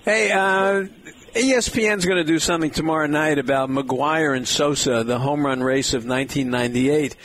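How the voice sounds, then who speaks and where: A man hosting a sports radio talk show, lively and upbeat as he steers the conversation. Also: fairly high pitch, normal speed, a crowd in the background. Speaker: radio host. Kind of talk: casual radio chat.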